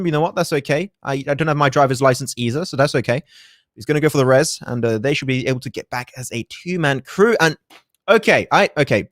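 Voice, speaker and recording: A man calls a live esports match in quick, energetic bursts, throwing in joking asides as the action unfolds. His voice sits a little high and races along. The sound is dry and close. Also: no room sound. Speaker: esports caster. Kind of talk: live play-by-play commentary.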